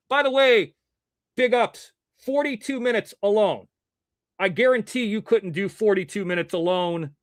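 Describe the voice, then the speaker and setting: A man with a fairly high voice hosts his own livestream news show, drifting from story to story and arguing straight at his critics. His words come through a little muffled from the face mask he wears. The sound is dry and close, with no room echo. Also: a bit bright. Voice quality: slightly muffled from wearing a mask. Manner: rambling, combative, talks to chat and critics directly. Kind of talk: casual livestream commentary.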